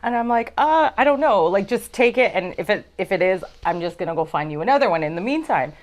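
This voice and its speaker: A woman's voice: medium pitch, quick pace. A woman podcast host in casual chat, telling stories animatedly and acting out what people said, in a studio lounge. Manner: animated storyteller, acts out quoted voices.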